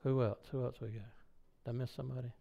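A man's voice: mid-range voice, flat delivery, fast, vocal fry, dark tone. A man preaching a sermon, asking the congregation rhetorical questions and acting out sounds. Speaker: pastor.

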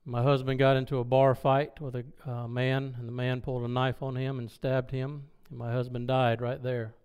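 A man telling a personal story in a sermon, animated and acting out the dialogue. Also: medium pitch, moderate pace, clean tone. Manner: loud when excited. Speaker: preacher.

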